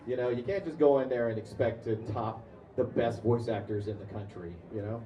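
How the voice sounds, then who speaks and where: A man's voice: mid-range voice, fairly quick, warm tone, muffled recording. Man chatting at a convention panel. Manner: chatty, with frequent fillers and restarts. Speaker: convention panelist, comics artist and voice actor. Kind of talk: casual storytelling to an audience. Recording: echoey room, far-off mic.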